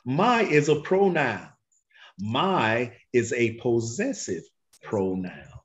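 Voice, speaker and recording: A man teaching a Bible class, questioning his students and drawling key phrases slowly for emphasis. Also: mid-range voice. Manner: animated, questions the class and waits for answers. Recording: dull lo-fi recording.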